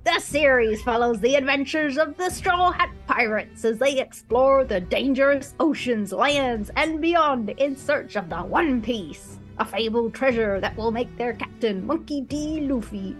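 A woman's voice: high-pitched, lively intonation, unhurried, few pauses, soft background music. A woman voicing a playful pirate narrator while reading out a synopsis. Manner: hammy read-aloud synopsis.

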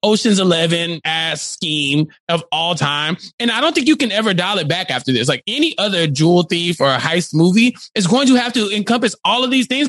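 A man co-hosting a casual movie podcast, talking in an animated way and acting out quotes. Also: sits high, brisk, few pauses, no echo. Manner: animated, acts out quotes in voices. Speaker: podcast co-host.

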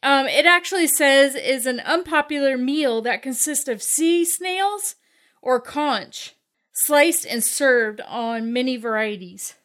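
A woman's voice: sits high, takes it slowly, fairly bright tone. A woman co-hosting a podcast, chatting in an easygoing, giggly way. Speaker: podcast co-host. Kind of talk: casual chat.

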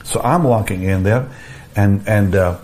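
An older man telling a personal story in an interview, animated, often repeating words, restarting phrases and chuckling. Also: on the low side, unhurried, a little hiss or hum. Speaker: evangelist guest telling a story.

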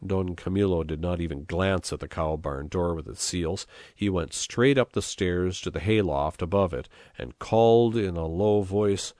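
A male narrator reading a novel aloud at a measured pace. His voice is deep and low-set. The sound is dry and close, with no room echo. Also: darkish tone. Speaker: audiobook narrator. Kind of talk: scripted narration.

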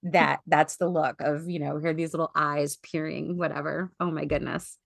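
A woman's voice: sits low, level tone, moderate pace, gravelly, dry recording, studio quality. Chatty woman co-hosting a podcast. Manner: chatty, laughs often while telling a story. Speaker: podcast co-host. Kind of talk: casual podcast chat.

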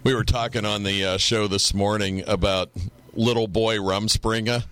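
A man's voice: on the low side, normal speed. A middle-aged man co-hosting a podcast, telling crude stories in casual chat and acting out quotes. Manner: crude, animated storytelling with acted quotes. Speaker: podcast co-host.

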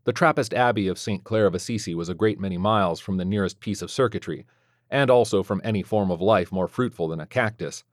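A man narrates a scripted first-person story with sardonic, dry wit. His voice sits fairly low. The recording is close and completely dry, with no room sound. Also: fast, no room sound.

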